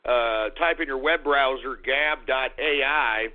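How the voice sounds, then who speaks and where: A man's voice: medium pitch, unhurried. A man hosting a radio talk show who theatrically scolds an unseen engineer and his dog between announcements. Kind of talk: comedic call-in radio monologue. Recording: tinny phone-line audio.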